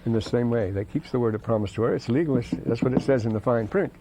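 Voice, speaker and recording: A man's voice: mid-range voice, quick pace, noisy background. A man lecturing on scripture, wandering off into asides and "you see", and reading quoted verses aloud with more force. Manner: reads quoted verses aloud with rising emphasis.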